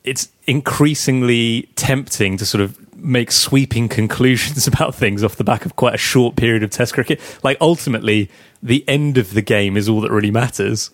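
A man's voice: medium pitch, normal speed, no echo, studio quality. A man co-hosting a casual cricket podcast, chatty and teasing, often laughing while he talks. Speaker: podcast co-host.

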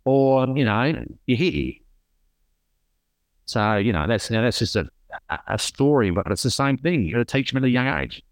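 A man's voice: mid-range voice, very animated, normal speed, no room sound. Earnest middle-aged Australian man, dry sound. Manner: earnest storytelling, repeats himself. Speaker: guest. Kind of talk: casual conversation.

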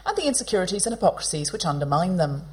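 A woman hosting a comedy podcast on stage, telling a story to a live audience in an animated, chatty way and acting out the people in it. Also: fairly low pitch, racing.

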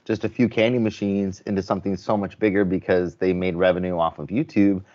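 Male guest, low register, easygoing storyteller with lots of restarts; dull lo-fi recording. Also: level tone, a little fast, darkish tone. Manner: chatty storyteller, lots of "you know" and restarts. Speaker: guest, vending business owner. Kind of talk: casual interview chat. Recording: dull lo-fi audio.

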